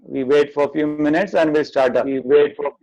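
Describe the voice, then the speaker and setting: A man with an Indian accent, a chef hosting a webinar, talking loudly and practically on a video call. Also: fairly high pitch, fairly even intonation, lo-fi sound. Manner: loud, hurried, practical. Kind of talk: casual chat on a video call.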